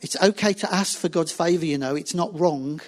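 A man's voice: on the high side, normal speed. A man, a pastor preaching a sermon and acting out biblical dialogue as he tells the story.

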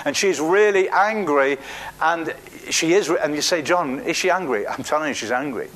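Male preacher, lively storytelling sermon voice, fairly high pitch for a man. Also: normal speed. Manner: animated storytelling, acts out quotes, restarts words.

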